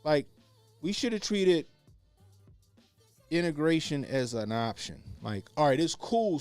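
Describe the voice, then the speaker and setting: A man's voice: on the high side, very animated, measured pace, pauses often, darkish tone, dry recording, faint music behind. A man talking in casual opinionated commentary, blunt and profane, repeating his points for emphasis. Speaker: podcast co-host.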